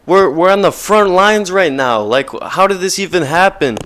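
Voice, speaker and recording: A man's voice: sits high, animated, normal speed, fairly bright tone, slight background noise, voice pushed up. A man voicing a frightened young woman soldier on the front line, frantic and swearing. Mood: panicked.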